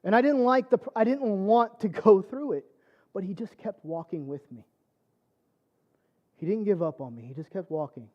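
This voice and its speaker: A man's voice: high-pitched, expressive, moderate pace, pauses often, muffled recording. A man preaching a personal testimony sermon, telling his story conversationally with lots of fillers. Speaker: church speaker.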